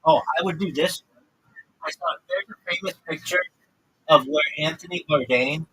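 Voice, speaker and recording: A livestream host with a fairly high, sharp, husky voice chats casually, swearing as he jokes and acting out imagined conversations in different voices. The recording is dry and low in quality.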